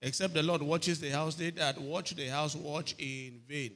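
This pastor's sermon is a story, punctuated by repeated phrases and the question "are you hearing me?" His fairly high, slightly bright voice holds a steady tone at a normal speed.

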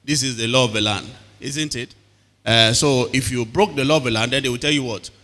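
A pastor preaches a sermon in a medium-pitched, pushed and bright voice at a fairly quick pace, frequently calling on the congregation to respond. A long hall reverb colours the recording.

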